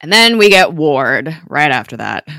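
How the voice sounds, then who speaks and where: Low-voiced woman, chatty recap. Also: very animated, creaky, sharp tone, no room sound, studio quality. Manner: chatty, quick recap with frequent "like" and laughs. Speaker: podcast co-host recapping a TV episode. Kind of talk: casual chat.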